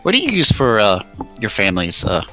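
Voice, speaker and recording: A deep-voiced young man in his late teens, streaming and chatting casually while drawing, animated and jumping to a high squeak when excited. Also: a little fast. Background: chill music.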